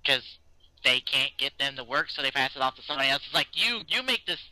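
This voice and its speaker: A man's voice: medium pitch, fast, no room sound, poor audio. A man co-hosting a gaming show, chatting casually and jokingly over a demo and mimicking voices. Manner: animated, jokey, mimics voices. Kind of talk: casual gameplay chat.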